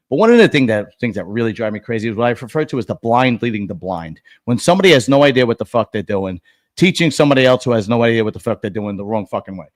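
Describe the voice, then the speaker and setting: A middle-aged man hosting a casual chat, animated and quick to swear and laugh. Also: mid-range voice, dry recording, clean studio sound. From Italian heritage. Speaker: bodybuilding show host.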